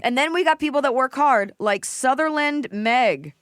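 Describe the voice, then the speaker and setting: A woman's voice: high-pitched, animated, normal speed, a bit bright, dry recording, clean studio sound. A woman in her thirties hosting a podcast, chatting casually and telling stories animatedly, swearing freely. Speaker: podcast host. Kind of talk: casual chat.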